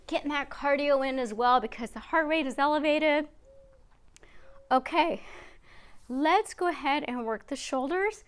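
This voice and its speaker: A woman's voice: high-pitched, a little slow, long pauses. A woman fitness instructor guiding a beginner workout, counting reps aloud and a little out of breath. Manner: encouraging, counts reps aloud while exercising.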